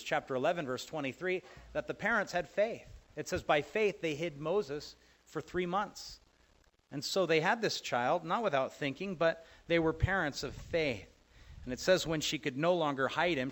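A man preaching a sermon and teaching from the Bible in a conversational way. He swings between loud emphasis and soft asides, and he asks the listeners questions. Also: on the high side.

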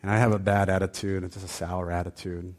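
A man's voice: deep voice, little pitch movement, fast, a little mellow. A man preaching a sermon as pastor, telling a personal story in a loose, conversational way full of fillers and restarts, then building into fervent, emphatic preaching.

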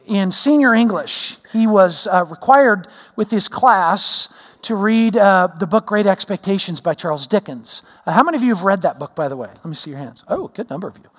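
Middle-aged male pastor, high-pitched, casual joking sermon delivery, recorded with long hall reverb. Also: expressive, normal speed, a bit bright. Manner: folksy, self-deprecating storytelling with many fillers. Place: church sanctuary.

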